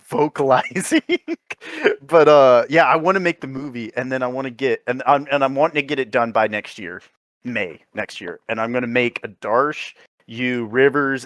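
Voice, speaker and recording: A man's voice: mid-range voice, a bit bright, dry recording, clean studio sound. A man co-hosting a comedy podcast, chatting casually in a rambling way, often laughing and swearing. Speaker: podcast co-host.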